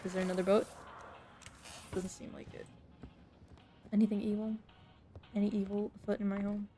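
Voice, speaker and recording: A woman's voice: medium pitch, little pitch movement, moderate pace, mellow. Young female streamer, casual giggly play-by-play chatter, light hiss in the background. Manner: giggly, talks to herself while playing. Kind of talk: casual let's play commentary. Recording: faint background noise.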